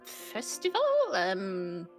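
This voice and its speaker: A woman's voice: lowish voice, sing-song, extremely slow, faint music behind. A woman playing a tabletop game in casual chat, playful and giggly. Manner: giggly, playful, breaks into laughter. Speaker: player.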